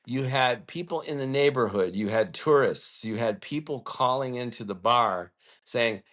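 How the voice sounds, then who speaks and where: Blunt profane podcast host. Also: male voice, mid-range voice, measured pace, a bit bright. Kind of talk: casual ranting storytelling.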